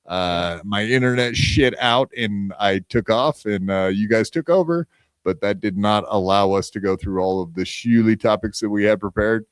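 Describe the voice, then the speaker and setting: A man's voice: fairly low pitch, normal speed, smooth, no room sound, clean studio sound. A man hosting a podcast in a loose, profane, rambling way, full of fillers and restarts. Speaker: podcast host. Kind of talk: casual podcast chat.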